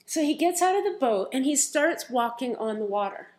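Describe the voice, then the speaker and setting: A woman preaching a sermon, retelling scripture stories in a lively, conversational way. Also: sits high, normal speed.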